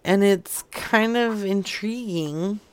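A man's voice: high-pitched, clear, resonant tone, dry recording. A man playing a tipsy, crude woman caller. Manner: slow, drawling, lewd come-ons. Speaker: prank caller. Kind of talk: prank phone call.

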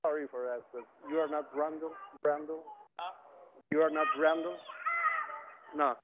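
A man working at a restaurant answering the phone, polite and hesitant, with halting phrasing. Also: a little high, fairly even intonation. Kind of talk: phone conversation. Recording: tinny phone line with faint hiss.

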